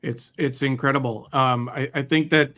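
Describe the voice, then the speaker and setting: Bright-voiced thoughtful man co-hosting. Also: mid-range voice, fairly even intonation, moderate pace. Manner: thoughtful, hesitant, many fillers. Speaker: co-host. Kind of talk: casual news discussion.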